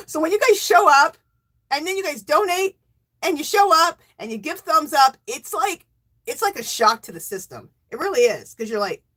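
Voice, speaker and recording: A middle-aged woman hosting a casual livestream, emotional and teary, thanking viewers by name and cheering with loud whoops. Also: on the high side, slightly rough. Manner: thanks donors warmly by name. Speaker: livestream host.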